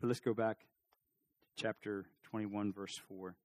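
A middle-aged male pastor preaching a sermon in church, animated, acting out voices and rising to loud peaks. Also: fairly low pitch, measured pace.

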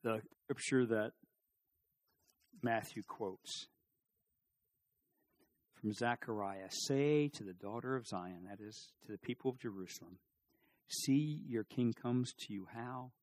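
A middle-aged male pastor preaching a sermon in church, animated, acting out voices and rising to loud peaks. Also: medium pitch, slow pace, pauses often.

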